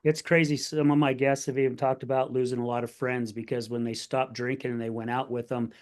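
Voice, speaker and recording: A man's voice: medium pitch, flat delivery, a little fast, darkish tone. A man hosting a podcast interview, supportive and conversational, often repeating words and using fillers. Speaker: podcast host.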